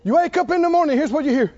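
A man's voice: very high voice, a little mellow. A man preaching a sermon in a church, asking rhetorical questions and drawing responses from the congregation. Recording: muffled lo-fi recording.

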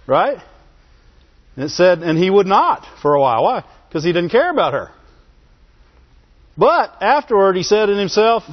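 A man's voice: sits high, animated, normal speed. A man preaching a sermon, repeating phrases for emphasis, chuckling between points and asking his listeners for an "Amen". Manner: asks the congregation for call-and-response "Amen?". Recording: dull lo-fi sermon recording.

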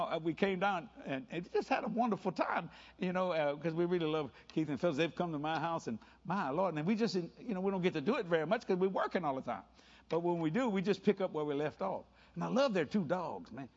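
Older male preacher, playful storyteller, slightly high husky voice. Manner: animated and playful, doing quick voices in anecdotes, laughing. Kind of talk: sermon mixed with storytelling. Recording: dull lo-fi sound.

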